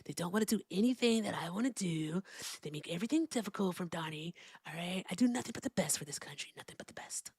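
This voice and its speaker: A woman's voice: lowish voice, lively intonation, quick pace, darkish tone, slightly rough, dry recording, clean studio sound. A woman doing a half-whispered impression of a boastful, whiny older male politician who keeps repeating "all right?". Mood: boastful, whining.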